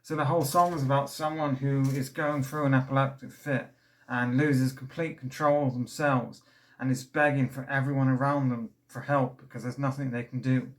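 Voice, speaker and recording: A man's voice: mid-range voice, fairly even intonation, normal speed. A young man casually reviewing a record, rambling and enthusiastic, a little out of breath. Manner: rambling and enthusiastic, many fillers and restarts. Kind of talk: casual album review vlog.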